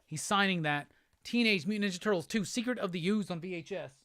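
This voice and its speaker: A male host chatting casually on a livestream while unboxing gifts, excitable and profane. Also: high-pitched, quick pace, no room sound.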